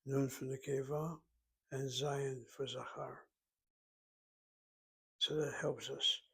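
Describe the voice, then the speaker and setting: Husky, flat-voiced male Hebrew teacher. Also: medium pitch, slow pace. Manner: methodical, explains step by step. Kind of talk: recorded language lesson.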